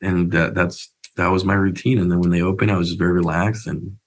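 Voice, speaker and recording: A young man telling stories as a podcast guest, upbeat and animated, acting out little quotes. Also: deep voice, a little fast, rough recording. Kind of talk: casual interview storytelling.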